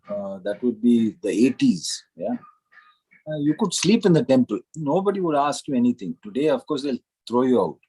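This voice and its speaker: Husky man. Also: mid-range voice, darkish tone, low-quality recording. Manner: reflective, anecdotal, unhurried. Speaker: guest speaker at a club meeting. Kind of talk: spiritual storytelling talk.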